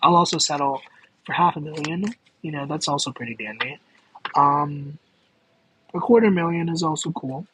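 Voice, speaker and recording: A man's voice: a little high, moderate pace, background noise. Giggly, rambling man reading cards on a livestream. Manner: rambling and self-interrupting, with many fillers and giggles. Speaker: tarot card reader streaming live. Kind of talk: casual livestream chat with viewers.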